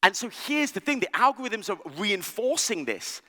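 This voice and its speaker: A man delivers an animated conference keynote with a high, lively voice that swoops up and down. He talks in a bright, joking and conversational way, often checking in with the audience. His voice carries a long reverb from a large hall. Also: normal speed. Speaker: conference speaker. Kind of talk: keynote talk.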